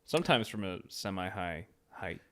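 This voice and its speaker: A man's voice: low-pitched, expressive, moderate pace, a bit bright. A young man from California co-hosting a podcast in a laid-back, slangy way. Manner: laid-back, slangy, says dude a lot. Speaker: podcast co-host. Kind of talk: casual chat.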